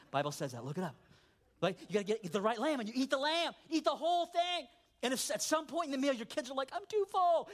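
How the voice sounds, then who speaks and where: A man, a pastor, preaching a sermon with animated storytelling, dropping into low asides and rising for emphatic points.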